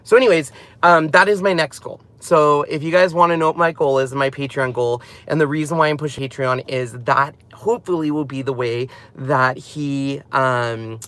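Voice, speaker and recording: A man's voice: mid-range voice, fairly even intonation, normal speed, fairly bright tone. A man in his thirties hosting a casual live stream about his craft channel, chatty and rambling, often laughing as he talks.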